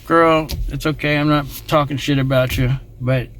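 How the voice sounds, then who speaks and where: A middle-aged man telling a true personal story in a casual, rambling way, getting emotional and trailing off into quiet asides. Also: on the high side, fairly even intonation, normal speed, a little hiss or hum.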